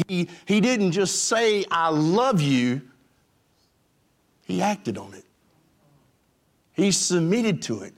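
A man's voice: high voice, a bit bright. An older man preaching a folksy sermon, with emphatic lines and joking asides. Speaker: pastor.

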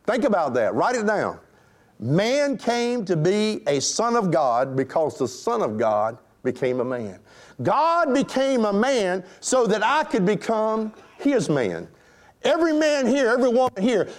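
A man's voice: high voice, sing-song, a little slow. A man preaching a sermon to his congregation, emphatic and rhetorical, addressing them directly. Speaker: pastor.

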